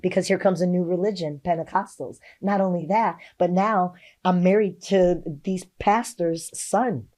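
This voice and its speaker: A woman's voice: lowish voice, fairly even intonation, moderate pace, hardly any pauses, a little mellow. A middle-aged woman, a state representative, telling her personal story in an interview, earnest and heartfelt, with many "you know" fillers. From Texas.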